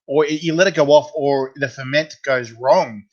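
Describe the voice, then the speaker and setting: A man's voice: medium pitch, normal speed. A man with an Australian accent hosting a casual podcast chat, joking and matey, laughing often. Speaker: podcast host. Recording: dull lo-fi sound.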